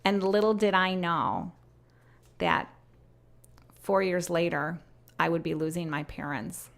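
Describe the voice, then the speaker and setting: A woman in her fifties giving a personal spiritual talk, earnest, slowing down and softening when she reads her written messages. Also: on the low side, animated, creaky. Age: 50s. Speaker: host sharing messages from prayer.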